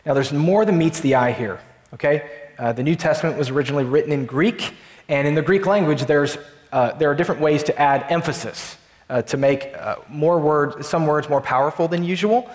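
Man preaching in an echoey hall. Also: fairly high pitch. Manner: emphatic, slows down to stress key lines. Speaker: pastor. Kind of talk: sermon.

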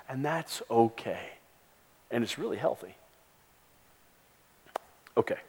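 A man preaching a sermon as a pastor, emphatic and rising in volume when he stresses a point. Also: fairly high pitch. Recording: long hall reverb.

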